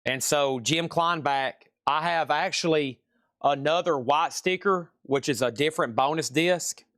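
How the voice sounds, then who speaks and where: A man's voice: fairly high pitch, unhurried, fairly bright tone, no room sound, studio quality. A man with a Southern US accent hosting a live sales stream, chatty and repeating prices and buyer names.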